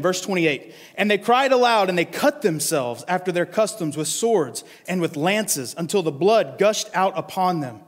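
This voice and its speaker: High-voiced pastor in a reverberant hall. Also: male voice, moderate pace, hardly any pauses. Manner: casual, animated, keeps asking "right?". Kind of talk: sermon teaching from scripture. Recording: long reverb of a large hall.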